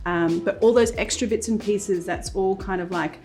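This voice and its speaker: Standing at the stove of a homey kitchen, a woman hosts a relaxed cooking demo, talking her way through every step. Her mid-range voice moves at a normal speed over the sound of a sizzling pan and gentle music.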